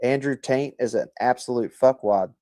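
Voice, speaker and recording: A laid-back, rambling livestream host, this man chats casually, reads viewer comments, jokes and swears constantly. His voice is medium-pitched and mellow at a moderate pace, and the audio has no room sound.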